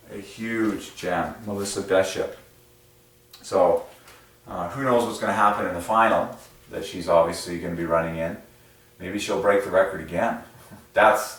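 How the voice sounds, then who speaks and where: In a very echoey room and at a distance from the mic, a man presents a religious numerology video. His casual monologue rambles, and he sounds excitable, using many fillers and jumping abruptly in pitch.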